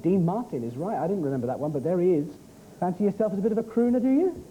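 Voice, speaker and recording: Male quiz host, fairly high, dark and soft in tone, brisk and jokey. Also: expressive, dull audio, a little hiss or hum. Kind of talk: scripted TV quiz hosting.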